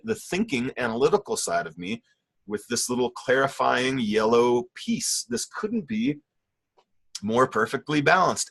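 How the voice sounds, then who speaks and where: A man's voice: medium pitch, creaky, a bit bright, slightly rough. A middle-aged man teaching an online painting class, critiquing students' work in an enthusiastic, rambling way. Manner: enthusiastic, rambling, with many fillers and self-corrections. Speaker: art teacher.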